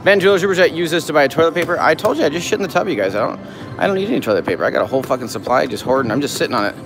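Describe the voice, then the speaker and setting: A man live-streaming slot play from a casino floor, cursing and shouting at the machine while he reads out viewer messages. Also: fairly high pitch, rapid-fire, over music. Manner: excitable, profane, yells at the machine. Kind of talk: casual live-stream chat.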